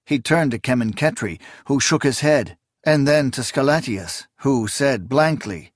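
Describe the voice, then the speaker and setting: A man reading a fantasy novel aloud in a measured, deliberate way. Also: mid-range voice, lively intonation, no room sound, clean studio sound. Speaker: audiobook narrator. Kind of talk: scripted fantasy narration.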